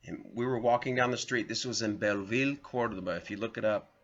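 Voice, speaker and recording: A man with a lowish voice and quick pace hosts his own vlog, rambling through personal stories and addressing viewers directly as folks. It's a casual storytelling monologue captured in slightly dull lo-fi audio.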